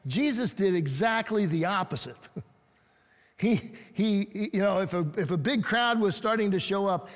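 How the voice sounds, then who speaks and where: A man with a high voice preaches in a relaxed, conversational way, reading scripture aloud and voicing the people in it. The sound carries a long hall reverb, as if he stands in a large church. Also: moderate pace. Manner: conversational preaching, acts out quoted lines. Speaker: pastor. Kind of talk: sermon.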